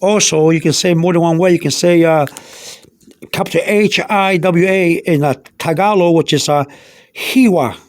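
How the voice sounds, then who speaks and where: A man with a notably high voice talks through a casual show-and-tell, narrating each small step as he goes. He sounds like he's at home indoors, filming on a phone held over his notebook. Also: steady tone, normal speed. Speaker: self-taught language learner.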